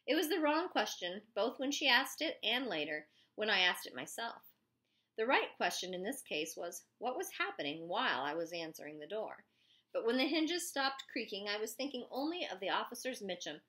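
A woman narrating a first-person story as an audiobook, with lively storytelling. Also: medium pitch, normal speed.

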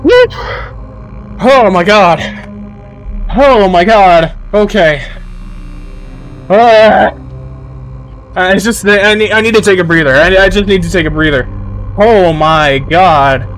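A young man streaming a horror game, rambling nervously to his chat and yelling when things go right. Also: sits high, takes it slowly, long pauses, faint music behind, low-quality recording. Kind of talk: live gameplay commentary.

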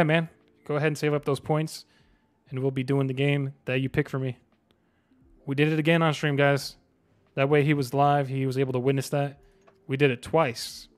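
A young man streaming a game live, chatting to viewers in slang and bursting into excited yells. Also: fairly high pitch.

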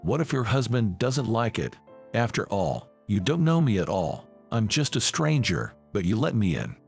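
A man's voice: lowish voice, very animated, normal speed, gravelly, faint music behind. A man voicing a timid, humble old homeless man in a read-aloud story, close to his own reading voice.

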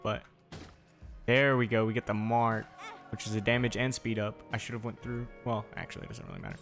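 A man's voice: fairly low pitch, lively intonation, a little fast, creaky, fairly bright tone. A young man giving casual commentary while he plays a video game, chatting and talking to the enemies on screen. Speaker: gaming video creator. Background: faint game music.

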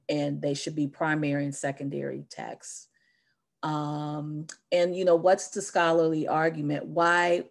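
A woman's voice: deep voice, creaky, a little mellow. A woman presenting in a webinar, explaining an application process thoughtfully and with many fillers.

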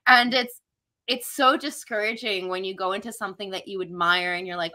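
A woman chatting casually on a podcast about making comics, animated and profane, acting out quotes from bosses. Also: mid-range voice, moderate pace. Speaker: comics creator guest.

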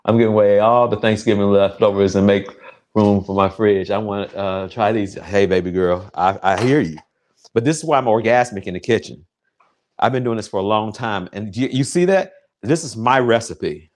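Male home-cook host with a deep voice, loose and jokey, swears freely, hypes up viewers while cooking. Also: normal speed. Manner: excitable, crude, jokey, chats directly to viewers. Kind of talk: casual cooking livestream talk.

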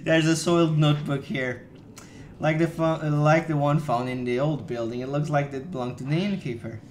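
This is a streamer playing a horror game live. The talk is casual and half-muttered while they play, with sudden curses at the scares. The voice sits in a middle pitch. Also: steady tone, normal speed, a little mellow, slight background noise. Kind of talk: live gameplay chat.

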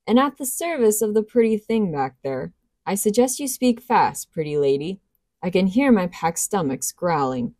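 A woman's voice: medium pitch, sing-song, normal speed, dark tone, dry recording, clean studio sound. A woman voicing a mocking, predatory male wolf-soldier leader. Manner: sneering, mocking.

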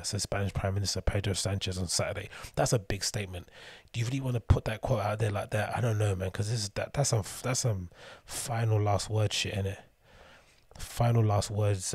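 Sarcastic swearing man, husky voice. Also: fairly low pitch, a little mellow, dry recording. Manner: swears freely, dry sarcastic asides, reads news aloud. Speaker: podcast host. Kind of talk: casual solo rambling commentary.

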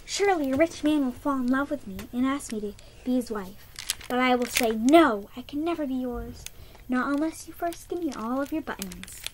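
A woman's voice: sits high, animated, moderate pace, slight background noise. A woman doing a haughty young beauty. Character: vain, scheming young beauty.

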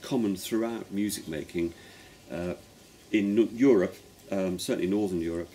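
A man's voice: low-pitched, moderate pace, warm tone, slight background noise. A man, a folk pipe player, explaining musical ideas in a thoughtful, step-by-step way during a casual conversation. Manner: thoughtful, explanatory, talks in careful steps.

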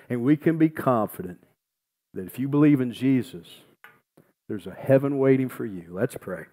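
A man's voice: medium pitch, animated, unhurried, dark tone. A man, a pastor preaching a sermon and telling a family story in a folksy, earnest way. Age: 60s.

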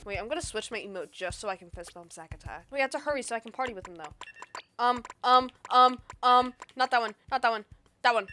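A woman giving gameplay commentary, excitable and playful, bursting into mock-angry outbursts. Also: a little high, quick pace, a little hiss or hum. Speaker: gamer. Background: game music.

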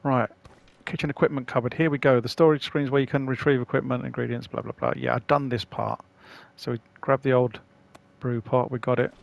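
Male games host, mid-range pitch, gravelly edge, chatty casual commentary. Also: fairly even intonation, fairly quick, few pauses, dry recording. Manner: chatty, rambling, self-deprecating. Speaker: gaming channel host.

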